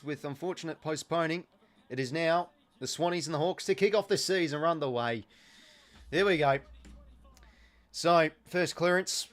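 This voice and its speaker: A young Australian man hosting a casual live watch-along, chatting through the game and reading out viewers' comments. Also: mid-range voice. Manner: chatty, reads out viewer comments, filler-heavy.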